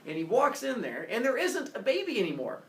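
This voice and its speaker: Animated male teacher telling myths. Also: very high voice, brisk, distant mic. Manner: animated, acts out characters. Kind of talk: classroom myth storytelling. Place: classroom. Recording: roomy classroom heard from afar.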